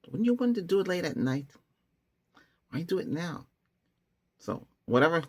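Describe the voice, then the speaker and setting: A man's voice: on the high side, sing-song, normal speed. A man hosting a tech channel, talking casually and rambling with many restarts and chuckling asides. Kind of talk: casual rambling vlog talk.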